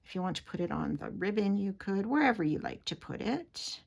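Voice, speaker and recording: A woman's voice: mid-range voice, big pitch swings, fairly quick, creaky. A woman giving a chatty, giggly craft tutorial, often dropping to a whisper as she works. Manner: chatty, giggly, drops to a whisper while working. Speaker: papercraft demonstrator.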